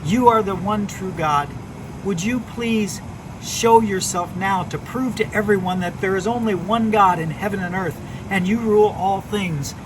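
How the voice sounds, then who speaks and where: A man voicing a confident, teasing male prophet who calls out loudly, told as part of a children's Bible story outdoors. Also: high-pitched, measured pace, distant mic, pitched above the performer's own voice. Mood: praying. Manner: loud, mocking taunts. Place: outdoors by a fire pit. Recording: noisy outdoor recording.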